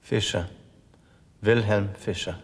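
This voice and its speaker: A guarded Geordie spy with a deep voice. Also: male voice, husky, full character voice. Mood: earnest. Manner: measured, reserved, careful speech. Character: guarded Soviet spy, middle-aged man, evasive and calm. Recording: reverberant room with steady background noise.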